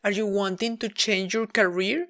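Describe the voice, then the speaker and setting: A woman voicing a pushy, prying middle-aged mother who nags with rapid-fire questions. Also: medium pitch, steady tone, fairly bright tone, pitched above the performer's own voice, lightly acted. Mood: impatient.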